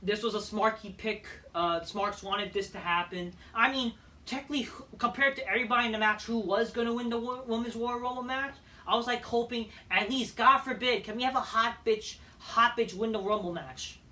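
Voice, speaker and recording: A man's voice: very high-pitched, steady tone, moderate pace, bright, forceful tone, far from the mic. A man ranting through a profane, exasperated video review of a wrestling show.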